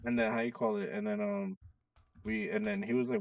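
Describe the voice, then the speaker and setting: A man telling a story in casual chat, animated and acting out the quoted lines. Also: sits high, fast talker, creaky, no echo, distant mic, muffled recording. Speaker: storyteller among friends.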